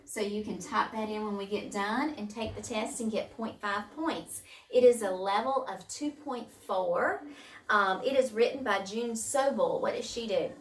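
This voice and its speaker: A woman's voice: mid-range voice, unhurried. A patient woman teacher talks through a recorded lesson for her students and goes over each point more than once. Her voice is picked up from a distance. It echoes in a roomy space. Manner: patient, repeats key points.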